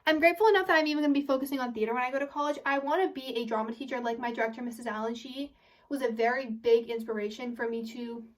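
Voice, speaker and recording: A young woman of about eighteen, a high school senior, chatting casually to her viewers, rambling and restarting her sentences. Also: fairly even intonation, rapid-fire, recorded from a distance. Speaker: vlogger. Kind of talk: casual chat to camera.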